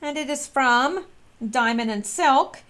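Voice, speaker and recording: Woman vlogging to her viewers, kinda high-pitched, chatty and earnest, lots of ums. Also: lively intonation, slow, fairly bright tone. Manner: chatty, earnest, many fillers and restarts. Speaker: vlogger commenting on politics. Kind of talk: casual spoken commentary to viewers.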